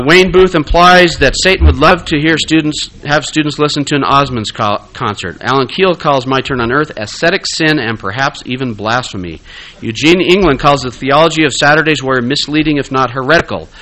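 A man's voice: mid-range voice, sharp tone, rough recording. A man giving a conversational lecture-style talk, with frequent "uh" fillers, restarts and rhetorical questions.

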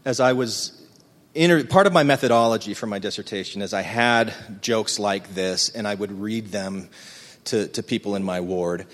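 Earnest middle-aged man in a reverberant hall. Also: low voice. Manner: earnest, halting, thinks aloud. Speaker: speaker recounting his folklore research. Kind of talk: reflective personal storytelling to a live audience.

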